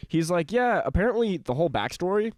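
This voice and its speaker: A young man co-hosting a podcast in casual chat, rambling with lots of filler words and laughing often, a little hoarse from a cold. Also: high-pitched, very animated, fast, no room sound, studio quality. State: slight cough from a cold. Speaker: podcast co-host.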